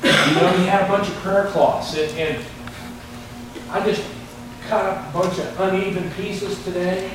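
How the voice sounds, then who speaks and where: Over music, a high-pitched male pastor preaches with a steady tone, unhurried and taking long pauses. His sermon mixes scripture readings with folksy stories, recorded distantly in an echoey church sanctuary with the congregation calling back.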